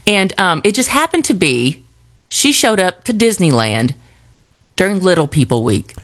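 A woman's voice: fairly low pitch, big pitch swings, normal speed. A woman co-hosting a radio show, telling rambling stories in a chatty, laughing way. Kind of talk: casual radio storytelling. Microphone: studio microphone.

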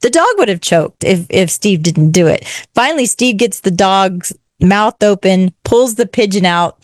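A woman who hosts a podcast, telling a story on a radio chat show in a fast, excitable way. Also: mid-range voice, dry recording, clean studio sound. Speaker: podcast host and radio regular. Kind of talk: animated storytelling in casual chat.

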